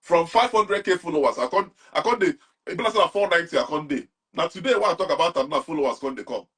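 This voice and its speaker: A man's voice: a little high, expressive, fast, a bit bright, husky. A young man with a Nigerian accent, talking animatedly as an interview guest and mixing Pidgin with English. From Nigeria, Anambra. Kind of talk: casual interview talk.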